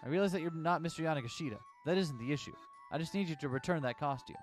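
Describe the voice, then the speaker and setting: A man's voice: on the high side, very fast, soft background music, natural voice. A man voicing an insistent, panicky male costume shop clerk who speaks formally and pleads.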